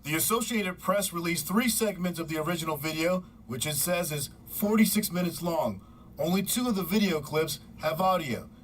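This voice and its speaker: Man reading a news report, slightly high. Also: a bit bright, distant mic, a little hiss or hum, poor audio. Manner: measured, formal delivery. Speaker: news correspondent.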